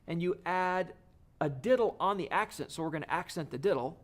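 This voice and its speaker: A male drum teacher explains a video lesson step by step. His tone stays encouraging throughout. His voice sits a bit on the high side for a man. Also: a little fast, very noisy.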